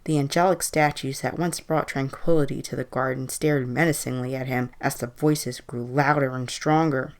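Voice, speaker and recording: A woman reading a Halloween horror story aloud in an even, measured way. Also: very deep voice.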